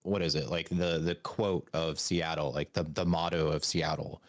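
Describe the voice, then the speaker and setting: A man's voice: rumbling low, normal speed, few pauses. A man co-hosting a casual talk show, rambling loosely and saying "like" and "um" a lot. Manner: relaxed and rambling, heavy on "like" and "um". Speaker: co-host. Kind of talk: casual podcast chat.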